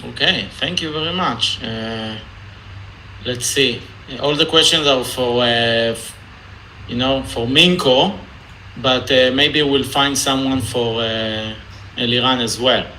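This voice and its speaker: A man's voice: mid-range voice, slow pace, sharp tone, a little hiss or hum, poor audio. Joking israeli man reading questions. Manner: jokey, hesitant, reads out questions. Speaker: meetup Q&A moderator. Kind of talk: casual online Q&A. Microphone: video call.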